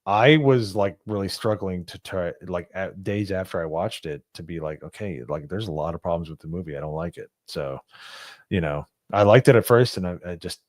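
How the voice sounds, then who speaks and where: A man's voice: low-pitched, normal speed, a little mellow, dry recording, clean studio sound. A man giving blunt, opinionated takes as a guest in a casual podcast chat.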